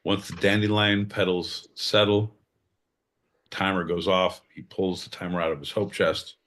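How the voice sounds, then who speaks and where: A man's voice: low-pitched, level tone, unhurried. A man co-hosting a podcast with crude, mocking comedic banter, swearing freely and slipping into put-on voices. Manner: loud, profane, mocking, bursts into exaggerated voices. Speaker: podcast co-host.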